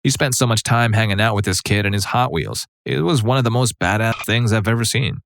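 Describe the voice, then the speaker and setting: A man's voice: on the low side, brisk, fairly bright tone, slight background noise. A man narrating online stories in a conversational, wry storytelling manner.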